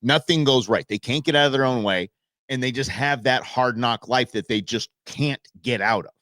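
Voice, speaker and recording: A man raised in Southern California and Arizona hosts a live stream, his medium-pitched voice at normal speed in studio-quality audio with no room sound. He tells a rambling, animated story about his neighborhood, packed with folksy sayings.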